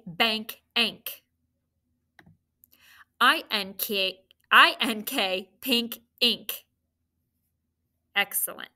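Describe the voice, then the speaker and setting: Female teacher, bright and slow, drills sounds for third graders. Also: mid-range voice. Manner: clear, step-by-step sound drilling. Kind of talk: phonics drill for children.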